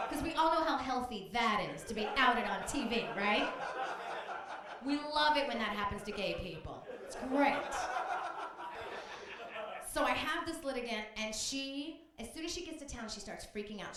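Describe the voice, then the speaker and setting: A woman's voice: mid-range voice, expressive, fairly quick, fairly bright tone, very echoey. A woman comedian doing a brash, profane stand-up set on a comedy club stage.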